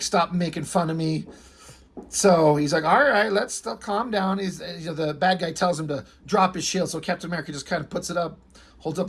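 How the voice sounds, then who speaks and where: Husky-voiced man chatting about comics. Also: on the high side. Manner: rambling, swears, reads comic lines aloud. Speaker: comic book reviewer. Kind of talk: casual comic review chat.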